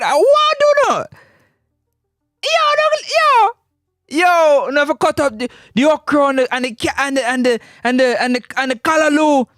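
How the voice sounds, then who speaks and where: A man's voice: very high voice, fairly bright tone, no room sound, clean studio sound. A man with a Jamaican accent hosting a live sports talk stream, teasing viewers playfully and laughing often.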